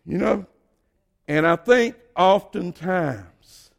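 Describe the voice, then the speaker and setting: An older man from Georgia with a Southern accent, preaching a sermon and swinging between quiet asides and loud exhortation. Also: high-pitched, very slow, vocal fry. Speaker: pastor.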